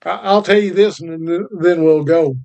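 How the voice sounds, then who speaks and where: A man's voice: on the high side, normal speed, creaky, a little mellow, dull audio. A man from North Carolina, co-hosting a casual podcast chat in a folksy storytelling way. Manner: folksy, drawling storyteller with country sayings. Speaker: podcast co-host.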